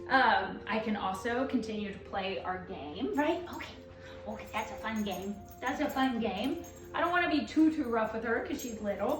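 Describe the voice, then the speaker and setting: A woman who trains dogs narrates a training demonstration while playing, flipping between excited praise and firm commands. Her voice is a little high, picked up by a distant mic in a reverberant space.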